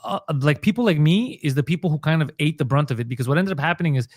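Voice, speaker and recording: A man's voice: a little high, fast talker, no echo, studio quality. A man, a comedian and podcaster telling stories in a casual interview and acting out the voices of people he quotes. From Montreal, Quebec. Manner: animated storyteller, acts out quoted voices.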